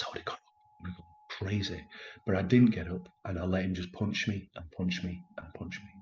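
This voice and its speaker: Deep-voiced man, halting and emotional. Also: a little mellow, dull audio. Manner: halting, emotional, many restarts and fillers. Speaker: actor telling his story as a guest. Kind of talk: personal storytelling in a conversation.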